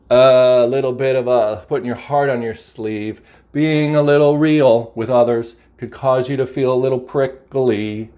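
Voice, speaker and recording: A man's voice: mid-range voice, a little mellow. A man giving a casual, enthusiastic spiritual oracle card reading to a camera, often exclaiming and repeating phrases. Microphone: camera mic.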